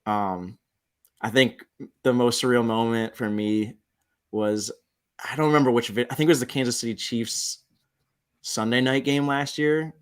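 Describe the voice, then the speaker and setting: A man's voice: medium pitch, fairly even intonation, moderate pace, pauses often, clean tone. A man in his twenties, a podcast guest, chatting casually with lots of "like" fillers. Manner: laid-back, peppered with "like". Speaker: podcast guest, sports superfan. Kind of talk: casual interview chat.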